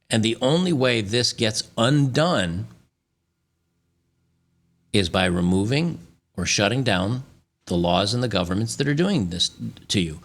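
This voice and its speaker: A man from the United States delivers an opinion commentary, reading news excerpts aloud and reacting between them. His voice sits low and has a gravelly, creaky edge. He trips over words and restarts often. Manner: animated, stumbles and restarts while reading. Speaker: channel host.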